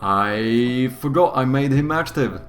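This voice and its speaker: A man commentating his games casually on a live stream, excitable and profane, and often breaking into laughter. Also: mid-range voice, slow pace, soft background music. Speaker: game streamer.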